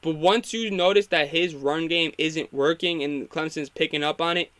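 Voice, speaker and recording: A man's voice: on the high side, moderate pace, few pauses, a bit bright. A young man hosting a casual live football reaction, opinionated and rambling, getting fired up when he critiques the coaching. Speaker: sports talk host.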